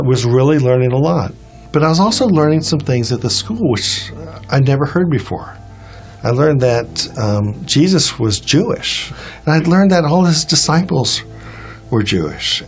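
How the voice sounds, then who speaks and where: A man's voice: mid-range voice, a little mellow, husky. Earnest man telling his testimony. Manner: earnest storytelling, acts out quoted dialogue. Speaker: testimony speaker. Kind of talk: personal testimony.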